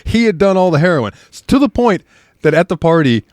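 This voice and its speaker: A man's voice: high-pitched, sing-song, brisk, a little mellow, dry recording, clean studio sound. A young man co-hosting a podcast, telling a rowdy story in casual chat, laughing often and mimicking his friends. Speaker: podcast co-host.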